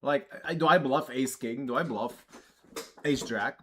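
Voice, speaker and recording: A poker streamer chatting casually on a live stream, thinking out loud and joking at his own expense. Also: medium pitch, measured pace, a little hiss or hum. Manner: chatty, self-mocking, thinks out loud with restarts.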